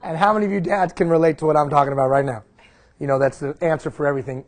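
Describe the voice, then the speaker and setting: A man's voice: fairly high pitch, animated, fast. A middle-aged man giving a live leadership seminar, emphatic, repeating key phrases and putting questions to the audience. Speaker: leadership trainer.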